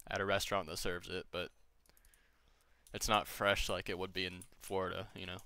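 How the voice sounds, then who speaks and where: A man's voice: deep voice, level tone, moderate pace, creaky, pushed and bright. A young man chatting casually with friends while gaming, rambling, joking and swearing freely. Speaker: gamer streaming with friends.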